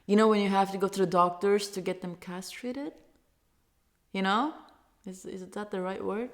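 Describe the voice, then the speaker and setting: A woman's voice: medium pitch, steady tone, moderate pace. A woman from Turkey, a native Turkish speaker, ranting in English with heated, profane talk and stumbling restarts. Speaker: vlogger. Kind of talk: angry casual rant.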